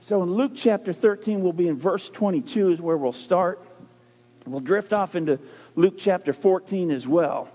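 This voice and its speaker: A man preaches to his church in a high, husky voice, pressing each point with pauses and repetition. The recording is dull and lo-fi, and a long reverb trails through the sanctuary. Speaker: pastor. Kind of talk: sermon. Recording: muffled lo-fi sound in a reverberant hall.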